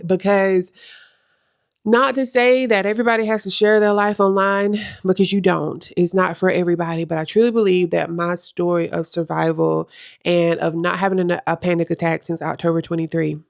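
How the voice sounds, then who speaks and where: A woman's voice: fairly low pitch, fairly even intonation, normal speed, gravelly, no room sound, clean studio sound. A young adult woman vlogging at home, talking to the camera in a casual, emphatic way and repeating phrases for effect. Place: at home in her room.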